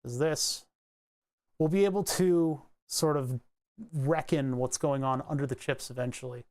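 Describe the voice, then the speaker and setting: A man giving a casual electronics tutorial, thinking aloud as he traces a circuit board, rambling and joking and grumbling wryly about his software. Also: mid-range voice, a little slow. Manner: rambling, joking, mutters while drawing. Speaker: electronics hobbyist explaining circuit tracing.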